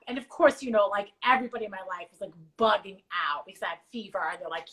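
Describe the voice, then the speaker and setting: A woman hosting a casual livestream chat, talking fast and animated, swearing casually, her voice just back after strep throat. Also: mid-range voice, low-quality recording. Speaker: host.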